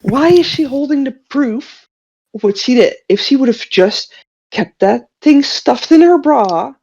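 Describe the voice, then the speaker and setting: A woman's voice: high voice, expressive, measured pace, vocal fry, a little mellow, breathy edge. A woman co-hosting a fan podcast, asking incredulous questions in a casual chat. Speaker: podcast co-host. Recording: dull lo-fi sound.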